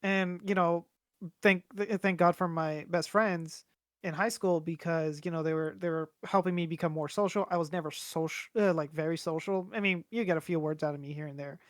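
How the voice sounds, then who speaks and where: A man's voice: on the high side, fairly even intonation, fairly quick, no room sound, studio quality. Rambling young man telling a story. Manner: rambling storyteller, swears a lot, many fillers. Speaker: podcast co-host. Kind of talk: casual chat.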